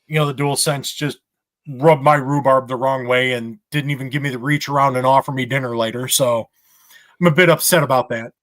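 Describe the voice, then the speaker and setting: A man's voice: medium pitch, fairly even intonation, a little fast, a bit bright, no echo. A man hosting a casual gaming podcast, laughing often and steering the talk between topics. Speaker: podcast host.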